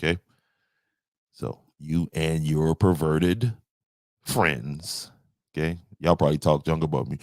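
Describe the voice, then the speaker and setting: A man's voice: extremely low pitch, a little slow, pauses often, a little mellow, dry recording, studio quality. A man hosting a podcast in casual commentary, taunting and mocking a viewer with repeated jabs. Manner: taunting, trash-talking a viewer. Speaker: podcast host.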